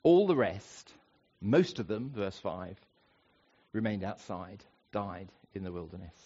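A man preaching a sermon, slowing down and rising in pitch to stress key points. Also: slightly rough. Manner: expressive, rising for emphasis and slowing on key phrases. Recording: dull lo-fi recording.

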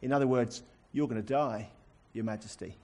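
A man's voice: mid-range voice, moderate pace, dark tone, natural voice. A preacher voicing a sarcastic, defiant male biblical prophet with mock politeness during a sermon.

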